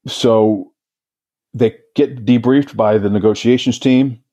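A man's voice: mid-range voice, steady tone, slow pace, mellow. A man who worked as a hostage negotiator recounts a case in an interview, vividly and with frequent restarts. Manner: vivid retelling, with repeated restarts. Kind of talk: storytelling in an interview.

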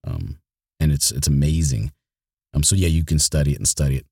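A man's voice: rumbling low, lively intonation, fairly quick, gravelly, mellow, husky, no echo, studio quality. A man who narrates audiobooks, talking casually in an interview, rambling and restarting his sentences often. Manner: rambling, with many restarts and repeated words.

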